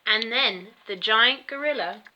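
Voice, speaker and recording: English teacher reading a storybook aloud to children; expressive, slow, bright. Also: female voice, fairly high pitch, poor audio. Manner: expressive, pointing out pictures. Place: school.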